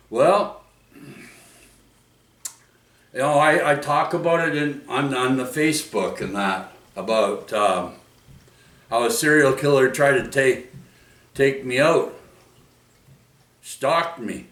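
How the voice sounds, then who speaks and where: A man's voice: medium pitch, fairly bright tone, far from the mic. A middle-aged man from Vancouver, telling true stories in a rambling vlog from home, full of restarts, "oi" and "right?". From Vancouver, Canada. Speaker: vlogger. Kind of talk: rambling casual storytelling. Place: indoors at home. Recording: roomy echo, speaker away from mic.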